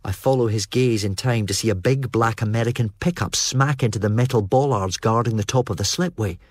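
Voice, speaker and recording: Give me a male audiobook narrator with a steady, even delivery and a dry close sound. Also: fairly low pitch, brisk, dry recording. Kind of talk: first-person audiobook narration.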